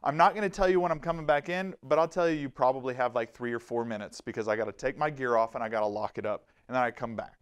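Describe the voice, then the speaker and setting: A man giving a lively, animated safety presentation to a live audience, telling stories and acting out quotes. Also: medium pitch, fast, few pauses, smooth. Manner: energetic, animated, storytelling with acted-out quotes. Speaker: safety trainer.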